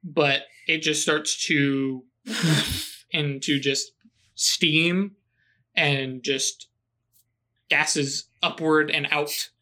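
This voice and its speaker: Bright-voiced man running a tabletop game. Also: on the high side, drawn-out words, pauses often. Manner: relaxed, rambling, full of fillers. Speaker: game master.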